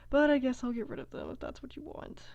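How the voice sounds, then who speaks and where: A woman putting on a sheepish, apologetic male craftsman god. His voice is mellow and slightly creaky, and the recording is dry and close. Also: high voice, wildly swooping pitch, fast, no echo, highs cut off, heavily acted.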